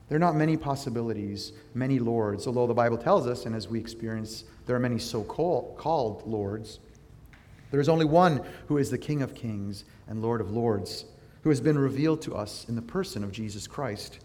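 A male pastor giving a sermon in a relaxed, conversational way, often turning to his listeners with questions. His voice sits at an ordinary middle pitch. It carries a long reverb, as if recorded in a large hall. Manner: conversational teaching with prayer, asks listeners questions.

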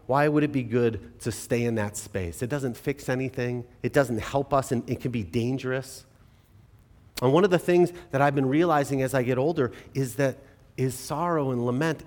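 A man in his forties preaches from the pulpit in a slightly high voice, talking to his congregation as if in conversation. He moves between lively, louder passages and soft, hushed ones. The sound carries the long reverb of a church hall. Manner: earnest, conversational, shifts from animated to hushed. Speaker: pastor. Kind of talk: sermon. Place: church sanctuary.

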